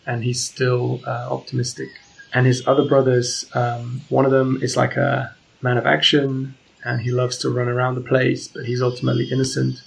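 A man with a gravelly, husky voice talks casually about novels, pausing often on ums and restarts. His pitch stays flat and level throughout. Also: low-quality recording. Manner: hesitant, many ums and restarts. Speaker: book discussion presenter. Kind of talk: casual literary talk.

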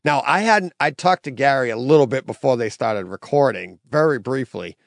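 Energetic, gravelly-voiced man chatting. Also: medium pitch, normal speed, no room sound, clean studio sound. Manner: energetic storyteller, laughs often. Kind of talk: casual chat.

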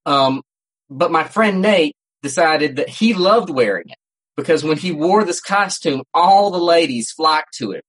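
Rambling, slightly high-voiced man. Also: animated, measured pace, a bit bright, breathy edge, low-quality recording. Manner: rambling storyteller with frequent restarts. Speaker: podcast co-host. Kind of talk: casual chat. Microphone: home setup, cat nearby.

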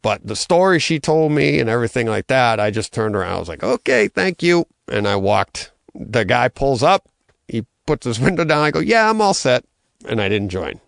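A man's voice: medium pitch, lively intonation, a little fast, vocal fry, dry recording, studio quality. A middle-aged man telling a personal story in an interview, casual and conversational, with frequent fillers and restarts. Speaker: interview guest.

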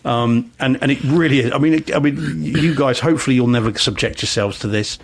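A man's voice: medium pitch, brisk. A man chatting casually as a podcast co-host, with lots of ums and restarts. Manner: chatty, self-deprecating, many ums and restarts.

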